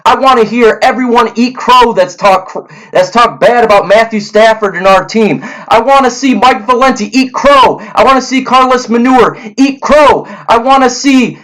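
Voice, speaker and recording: A man's voice: high voice, a bit bright, low-quality recording. A man hosting a sports fan channel, ranting heatedly with many restarts and repeated words before moving on to draft predictions.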